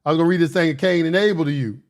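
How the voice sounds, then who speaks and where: A man's voice: fairly high pitch, racing. A man hosting a casual livestream, lecturing his chat in a combative, boastful, slangy way and repeating phrases for emphasis. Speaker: livestream host answering chat.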